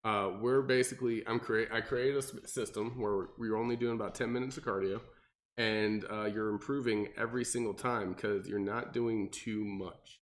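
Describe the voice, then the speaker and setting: A young man, a personal trainer, explaining workouts in casual podcast chat and acting out clients in mocking voices. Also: moderate pace. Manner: animated, acts out clients with high mocking voices.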